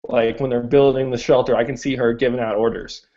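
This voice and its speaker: Young male co-host, casual and halting, mid-pitched, dull lo-fi sound. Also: fairly even intonation, warm tone. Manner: hesitant, many restarts and fillers. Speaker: podcast co-host. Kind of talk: casual chat. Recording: dull lo-fi recording.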